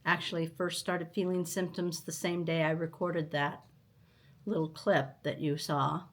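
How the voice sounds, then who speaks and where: Low, slow-talking older woman vlogger. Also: little pitch movement. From United States. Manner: chatty, rambling, unhurried. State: tired, recovering from illness. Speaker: stitching channel host. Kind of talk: casual vlog chat. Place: at home.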